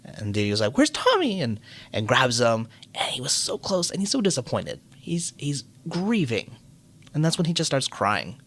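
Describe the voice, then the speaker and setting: A man co-hosting a casual podcast, recapping old cartoons and acting out the characters' lines as he goes. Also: moderate pace. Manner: animated, acts out characters' lines in high voices, swears freely. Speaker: podcast co-host. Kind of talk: casual chat recapping cartoons over drinks.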